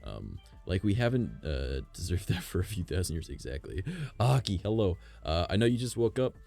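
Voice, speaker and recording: A deep, gravelly male streamer talks casually at home, drifting from thought to thought and cursing freely. His pitch rises and falls a lot as he goes, with faint music underneath. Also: sing-song, moderate pace, warm tone. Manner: rambling, swears a lot, speculative. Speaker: livestreamer.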